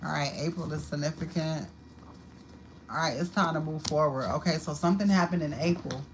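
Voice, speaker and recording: A woman's voice: deep voice, fairly quick, slight background noise, low-quality recording. A woman giving a live-streamed tarot card reading at home, talking in a blunt, profane and repetitive way. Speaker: tarot reader. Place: home apartment.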